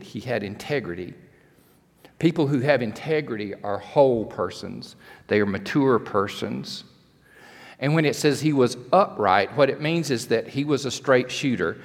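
A male pastor, preaching a sermon in a relaxed, conversational storytelling way, with fillers. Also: medium pitch. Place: church sanctuary. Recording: reverberant church hall.

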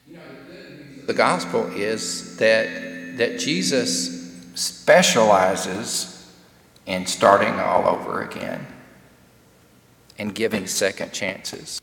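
A man preaching a sermon in a church, telling stories in a folksy way that swings from loud to hushed. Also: lowish voice, slow, gravelly, in a large hall. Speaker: pastor.

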